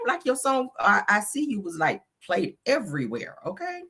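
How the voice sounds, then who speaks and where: Woman, low voice, lively swooping pitch, sassy celebrity gossip host. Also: slightly rough. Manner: chatty, sassy, drawn-out slang asides. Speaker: celebrity news channel host. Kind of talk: casual live-stream commentary.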